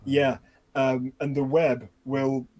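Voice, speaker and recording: A man playing a tabletop game, speaking hesitantly with many pauses and restarts. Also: medium pitch, little pitch movement, a little mellow, lo-fi sound. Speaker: player.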